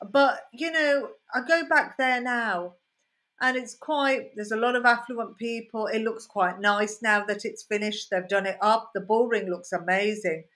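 A woman's voice: on the high side, a little slow. A woman comedian with a Birmingham accent, telling rambling, anecdotal stories in a casual podcast chat. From Birmingham, England. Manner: rambling, anecdotal storytelling with lively asides. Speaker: comedian guest.

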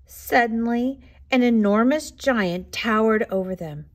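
A woman reading a children's picture book aloud with expressive, unhurried storytelling. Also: on the high side. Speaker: storybook reader.

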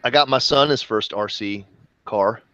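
A man in his thirties co-hosts a casual chat, chatty and quick to joke. His voice comes through a slightly dull, muffled mic with a dry sound. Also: mid-range voice, pushed and bright, dry recording. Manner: chatty, joking. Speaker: co-host.

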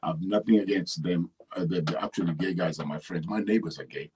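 A man's voice: low voice, quick pace, slight background noise, low-quality recording. A middle-aged man with a Kenyan accent, answering interview questions in a loose, rambling way with many restarts. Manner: rambling, restarts often, animated when telling stories. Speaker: actor and writer, interview guest. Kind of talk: relaxed conversational interview.

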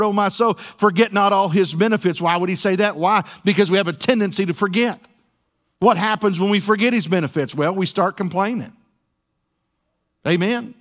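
A man's voice: sits high, fairly bright tone. A man pastor preaching a sermon in a church, folksy and playful, with call-and-response asides to the congregation. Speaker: senior pastor. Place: church sanctuary.

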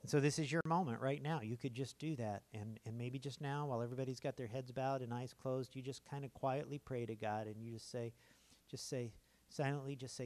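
A man as a pastor, closing a sermon with a soft, repetitive invitation to prayer in a church auditorium. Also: mid-range voice, steady tone, a little fast. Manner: gentle, hushed, repetitive pleading during prayer. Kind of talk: sermon altar call and prayer.

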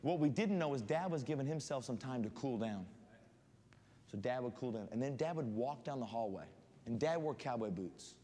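Animated preacher in a reverberant church. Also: male voice, mid-range voice, moderate pace. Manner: animated storytelling with scripture reading. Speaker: guest preacher. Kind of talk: sermon. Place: church sanctuary. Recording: long hall reverb, faint room noise.

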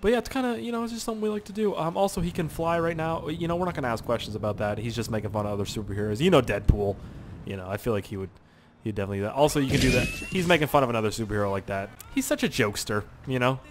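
A man's voice: mid-range voice, lively intonation, very fast, background noise. A young man with a Canadian accent giving casual, rambling gameplay commentary, chatty and sweary, with lots of fillers and repeats. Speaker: gaming channel host.

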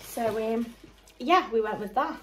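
A young mum and vlogger chats casually through her shopping haul, rambling, listing prices and laughing softly. Her voice is fairly high and her pace measured, with noise in the background.

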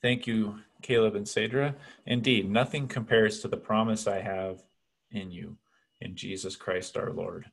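A man leading a church service, announcing the next part in a calm way. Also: fairly low pitch, unhurried, vocal fry. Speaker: worship leader.

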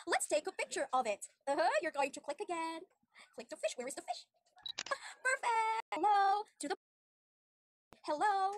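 A woman's voice: high voice, slight background noise. A young woman giving an online demo English lesson to a young child, with exaggerated sing-song praise and frequent laughs. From Philippines.

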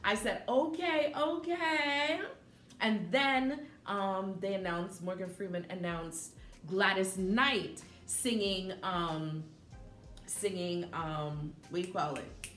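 A woman's voice: fairly low pitch, takes it slowly. Chatty woman reviewing a movie, echoey room. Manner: animated and chatty, with frequent fillers and self-corrections. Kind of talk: casual spoken movie review. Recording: echoey room with faint background music.

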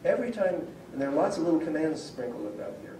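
A man's voice: fairly high pitch, big pitch swings, fast talker. A man, a professor, giving a public lecture in a conversational, explaining way and reading out word examples. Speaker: professor of Slavic linguistics. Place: civic centre lecture room. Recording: echoey room, voice from far off, faint hum.

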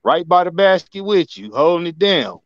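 A man's voice: sits high, big pitch swings, unhurried, muffled recording. A man talking in a profane, boastful, slangy way as a guest on a casual talk show. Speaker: podcast guest. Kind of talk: casual chat.

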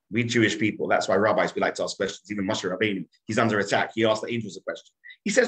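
A man's voice: on the low side, fast talker, fairly bright tone, rough recording. A male rabbi teaching by telling a story, acting out the characters' voices with frequent restarts. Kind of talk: animated storytelling lesson.

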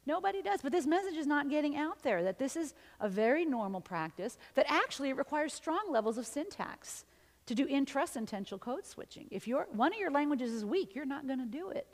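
A woman's voice: high-pitched, a little fast. Woman, linguist, conversational lecture, mixes English and Spanish, tag questions, long hall reverb. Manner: lively, often ends points with "okay?" or "right?"; switches between English and Spanish. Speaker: linguist giving a symposium talk.

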